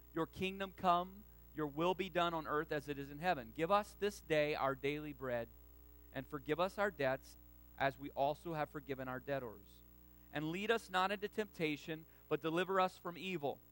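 A pastor preaching a sermon with strong emphasis, sometimes calling on the congregation to repeat a line with him. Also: male voice, on the high side, low-quality recording. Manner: emphatic preaching, rising to loud stresses; asks the congregation to repeat lines.

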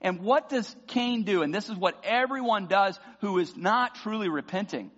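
A man preaching a sermon as pastor, passionate and building to loud emphatic peaks. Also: high-pitched, lively intonation, normal speed. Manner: impassioned preaching, voices imagined prayers loudly. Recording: dull sound with long hall reverb.

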